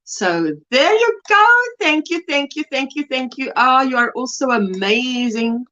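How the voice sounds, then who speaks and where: Woman, livestream host, chatty, greets viewers by name, laughs often, highish voice, dull webcam audio. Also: sing-song, measured pace, sharp tone. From South Africa. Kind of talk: casual live-stream chat.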